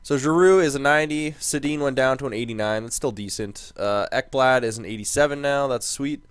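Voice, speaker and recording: A young man giving casual commentary while playing a hockey management game, thinking aloud and quickly swinging into exasperated rants. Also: medium pitch, fairly bright tone, dry recording. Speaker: gaming commentator.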